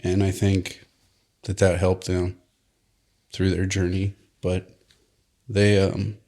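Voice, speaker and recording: A man, a father, giving halting, reserved interview answers. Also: deep voice, monotone, a little mellow. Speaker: father of guests.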